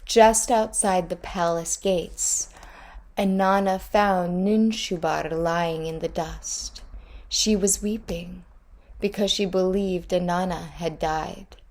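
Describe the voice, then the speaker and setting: A woman reading a storybook aloud in a measured, deliberate way. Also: lowish voice, fairly even intonation, darkish tone.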